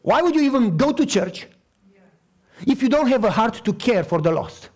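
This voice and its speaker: A middle-aged male pastor telling stories in a sermon, animated and acting out the voices he quotes. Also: extremely high pitch, normal speed. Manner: animated, acts out quoted voices, repeats for emphasis. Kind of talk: storytelling sermon.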